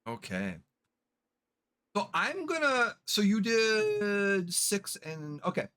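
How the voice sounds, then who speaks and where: Slow, lively-pitched game master. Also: clean tone. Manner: halting, with many fillers and restarts. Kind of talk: narrating a tabletop game.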